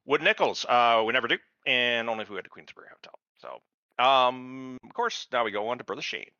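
Profane ranting man, bright edge. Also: mid-range voice, lively intonation, brisk, no room sound, lo-fi sound. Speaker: podcast host. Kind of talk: casual podcast chat.

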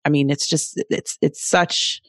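A woman's voice: sits low, steady tone, a little slow, dry recording, clean studio sound. A woman interviewing her guest, speaking in an earnest, sympathetic way. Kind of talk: conversational interview.

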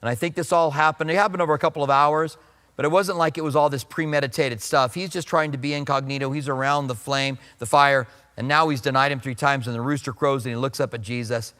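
A man's voice: mid-range voice, steady tone, fast, pushed and bright, in a large hall. A man preaching a sermon in a conversational way, acting out the voices he quotes. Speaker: pastor.

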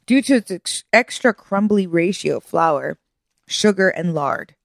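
A woman's voice: fairly low pitch, lively intonation, measured pace, creaky, no room sound, studio quality. A woman co-hosting a casual chat show, playful and joking, reading product blurbs aloud. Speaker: co-host.

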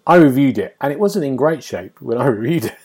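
A man's voice: mid-range voice, animated, brisk, darkish tone, husky. A man hosting a casual games podcast, talking in a wry, musing way that often trails off. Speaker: podcast host and game reviewer.

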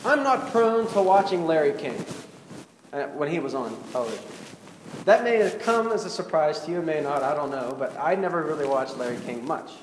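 A man's voice: on the high side, animated, brisk, a little hiss or hum. Man preaching in an echoey hall. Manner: conversational, asks the congregation questions. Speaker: pastor. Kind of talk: sermon. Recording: echoey hall with faint ambience.

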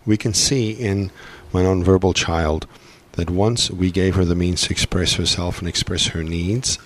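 A father appearing as a podcast guest lays out his views earnestly and reflectively, thinking aloud and often restarting his sentences. His voice is low and a little slow.

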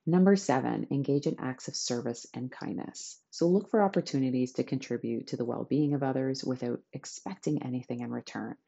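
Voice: medium pitch, fairly quick, gravelly, hardly any pauses, mellow, breathy edge, muffled recording. A podcast host giving a chatty, enthusiastic self-help talk to listeners.

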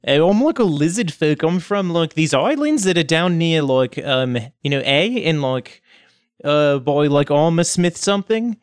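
A man's voice: a little high, lively intonation, unhurried, smooth, no echo, studio quality. A man playing a tabletop game in character, goofy and rambling, filling his speech with "like.". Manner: goofy, filler-heavy, lots of 'like'. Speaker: player.

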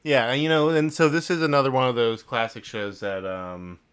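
Relaxed young man co-hosting a chat. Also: medium pitch, normal speed, clean tone. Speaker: podcast co-host. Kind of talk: casual chat.

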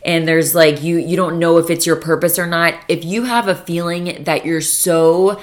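Young female solo podcast host, low voice, profane, rambling, heavy "like" fillers. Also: fairly even intonation, normal speed. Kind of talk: casual solo podcast monologue. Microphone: podcast microphone.

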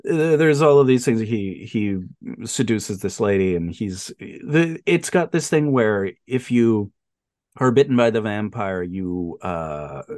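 A man hosting a podcast in casual chat, animated, laughing often and briefly mimicking voices. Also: lowish voice, slow pace, no room sound, studio quality. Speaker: podcast host.

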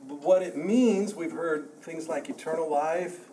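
A man's voice: on the high side, a little slow, warm tone, a little hiss or hum. A man teaching a church Bible class in a conversational way, often repeating words and restarting his sentences.

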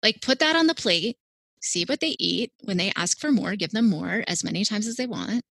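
A woman in her thirties talking casually as a guest about child feeding, animated and reassuring, with a lot of "like". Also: medium pitch, normal speed, gravelly, husky, no echo. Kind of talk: casual interview talk.

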